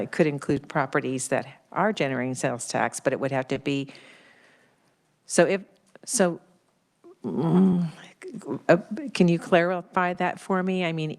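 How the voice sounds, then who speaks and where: Low-voiced senator questioning a witness. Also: female voice. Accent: American Midwest. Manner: halting, hesitant questioning with restarts. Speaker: state senator. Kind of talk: committee questioning. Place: legislative hearing room.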